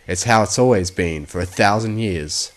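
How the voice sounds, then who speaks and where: A man voicing a big, gruff, crude male pony thug who talks in rough slang. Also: lowish voice, normal speed, lightly acted. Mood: dismissive.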